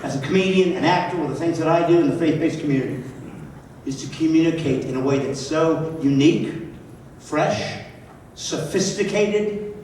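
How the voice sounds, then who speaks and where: A man's voice: a little high, moderate pace, a little mellow. A man, a comedian, giving a punchy stand-up speech at a banquet with sarcastic asides. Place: large banquet hall. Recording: distant, echoey hall with crowd. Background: audience laughter and room noise.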